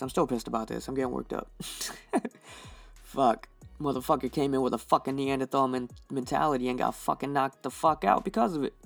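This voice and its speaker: A man's voice: medium pitch, creaky, no room sound. A young man hosting a casual fight review, talking in a heated, rambling way and swearing constantly. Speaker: fight podcast host.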